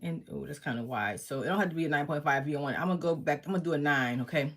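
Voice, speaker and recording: Working from her home craft space, a low-pitched woman gives a casual screen-share crafting tutorial. She moves through each step quickly and casually, regularly checking in with the viewer by asking "okay?"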